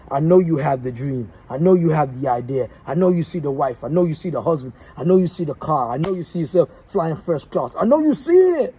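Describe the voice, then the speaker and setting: A man with a slightly high, dark, husky voice hosts his own show as a motivational speaker. His message is preachy, repetitive and rallying.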